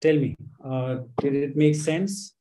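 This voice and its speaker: A man leading a live-streamed stress management workshop, talking with many fillers and gently coaxing his viewers. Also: fairly high pitch, fairly even intonation, slow pace, poor audio. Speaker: workshop instructor.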